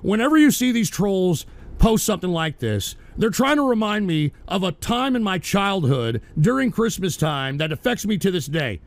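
Gravelly high-voiced man ranting profanely. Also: big pitch swings, normal speed. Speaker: radio show host. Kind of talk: angry live-stream rant.

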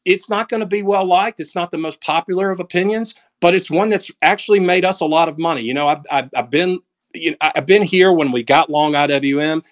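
A man's voice: a little high, brisk. A man with a Southern drawl giving blunt, emphatic market commentary in casual chat over an audio call, full of folksy sayings.

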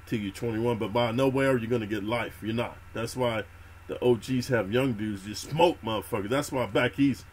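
A man's voice: medium pitch, normal speed, slight background noise. A middle-aged man talking casually in heavy street slang and constant swearing, telling prison and military stories to his viewers. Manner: streetwise slang, swears a lot, calls listener homie. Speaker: YouTube prison-story host. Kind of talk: unscripted casual monologue.

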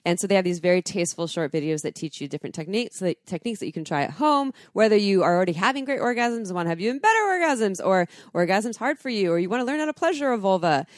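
A woman's voice: medium pitch, expressive, very fast, hardly any pauses, no echo, clean studio sound. A woman co-hosting a casual podcast, talking frankly and enthusiastically and laughing often. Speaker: podcast co-host.

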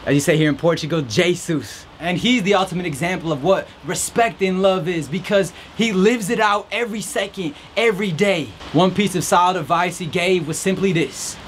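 High-voiced man giving an earnest pep talk. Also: brisk, few pauses, slight background noise. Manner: earnest, encouraging, preachy. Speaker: podcast host. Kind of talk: motivational faith talk. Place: outdoors in a rainstorm.

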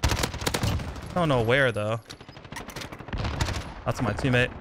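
A young man giving excited, trash-talking commentary over his own gameplay, often repeating himself. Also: medium pitch, slow, background noise. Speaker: gaming YouTuber. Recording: game gunfire loud behind voice. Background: gunfire and explosions from the game.

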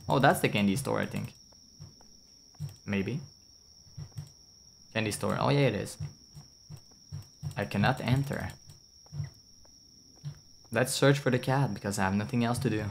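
A man's voice: medium pitch, unhurried, creaky, pauses often, slight background noise. A young man with a French accent, rambling and chatting casually as he streams a game, swearing now and then and answering his chat. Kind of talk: casual gameplay commentary.

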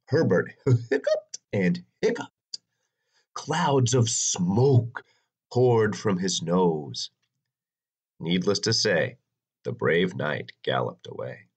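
A man narrating a children's storybook in an expressive, dramatic reading. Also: husky. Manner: expressive, sweeping pitch for drama.

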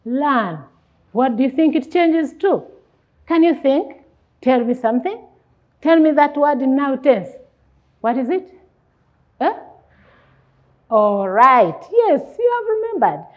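A woman teaching young children, with a slightly high voice that rises and falls a lot. She talks slowly, asks questions and answers them herself. The recording is dull and lo-fi. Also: lively intonation. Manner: slow, sing-song teacher talk, asks and answers her own questions. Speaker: primary school English teacher. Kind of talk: classroom lesson.

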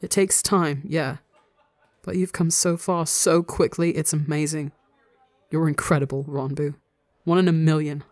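A reader voicing a gentle, soothing young man. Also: mid-range voice, steady tone, measured pace, dry recording, lightly acted. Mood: tender. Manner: soft and reassuring. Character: gentle, loving young man comforting his partner.

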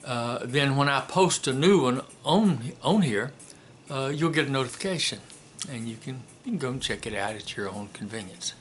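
A man giving a casual spoken commentary and telling a joke in a folksy, unhurried way with many filler pauses. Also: medium pitch, lively intonation, fairly bright tone, a little hiss or hum. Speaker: commentator and storyteller.

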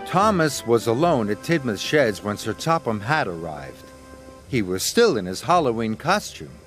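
A man narrating a children's story in an expressive, measured storytelling manner. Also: mid-range voice. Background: background music.

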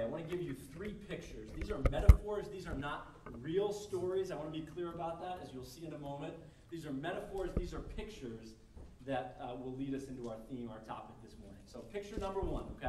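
In a church service hall, a male pastor with a voice on the high side preaches a conversational sermon to his congregation, acting out quoted scenarios as he goes. The room is echoey, miked from a distance, with a noisy background.

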